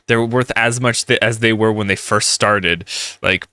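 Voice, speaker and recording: A man's voice: on the low side, steady tone, unhurried, pushed and bright, clean tone, no room sound, clean studio sound. Heated rambling man ranting. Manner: rambling, heated, full of restarts. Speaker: gaming commentator. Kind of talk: ranting commentary.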